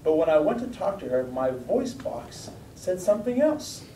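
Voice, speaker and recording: A man's voice: big pitch swings, mellow. A man raising his voice into a flustered little girl. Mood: flustered, guilty. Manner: earnest, halting, tumbling explanations. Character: young schoolgirl, guilty and flustered. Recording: roomy, distant mic, faint rumble.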